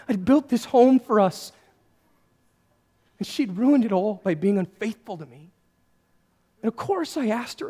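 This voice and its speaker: A male pastor giving a first-person character sermon, addressing listeners directly and swinging between hushed and raised passages. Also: high voice, very animated, unhurried, pauses often, husky. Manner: speaks to listeners directly as "you" and "guys".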